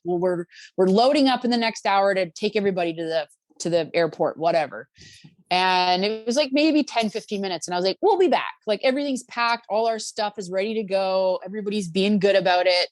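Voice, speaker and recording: A woman's voice: mid-range voice, dry recording. A woman telling a travel story in casual podcast chat, acting out quotes with lots of fillers. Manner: animated, acts out quotes with fillers. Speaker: podcast guest.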